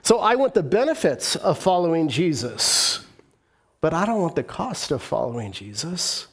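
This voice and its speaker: A man's voice: on the high side, big pitch swings, moderate pace, breathy edge. A male pastor preaching a sermon in an emphatic, repetitive way. He acts out the voices of reluctant believers and leads the congregation in call-and-response.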